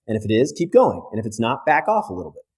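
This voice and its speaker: A man, a physiotherapist guest on a podcast, explaining breathing in an energetic, casual way and often checking in with "right?". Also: medium pitch, quick pace, creaky, slightly rough. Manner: energetic, keeps tagging points with "right?".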